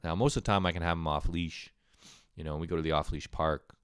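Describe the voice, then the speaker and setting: A man's voice: low voice, steady tone, fast talker, smooth, dry recording, studio quality. A man hosting his own show, telling a rambling, profane, self-mocking story in a casual way, with a sore throat. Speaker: podcast host. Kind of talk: casual comedic storytelling monologue.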